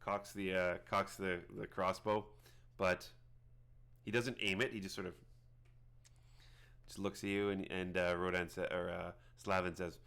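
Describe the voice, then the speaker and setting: Low-voiced man running a tabletop game. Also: level tone, creaky, fairly bright tone, clean tone. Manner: halting, many fillers and restarts. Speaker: game master.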